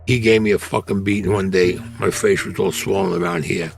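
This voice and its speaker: He speaks low and steady, fairly quick, with vocal fry, over soft background music. A man in his seventies from Brooklyn, New York, with a Brooklyn accent, he bluntly and profanely tells his life story in an interview and performs others' voices.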